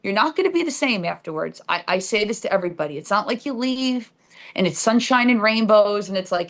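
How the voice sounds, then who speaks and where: A woman's voice: mid-range voice, animated, fairly quick, fairly bright tone. A woman, a podcast guest telling her story candidly and bluntly, with sarcasm and casual swearing.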